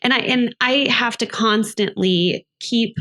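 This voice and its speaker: A woman's voice: on the high side, measured pace, pushed and bright. A woman co-hosting a podcast, chatting casually and telling stories about herself with a light laugh. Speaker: podcast co-host. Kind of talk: casual chat.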